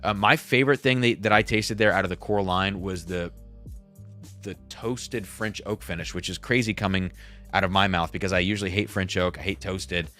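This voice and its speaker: Man, very low voice, livestream host, rambling casual chat, faint music behind. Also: fairly even intonation, moderate pace, pushed and bright. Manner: rambling, self-deprecating, reads viewer chats aloud.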